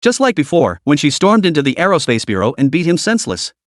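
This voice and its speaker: A man narrating a dramatic story in a steady, even reading voice. His voice sits fairly high for a man, and the recording is dry and close with no room sound. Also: fast, no echo.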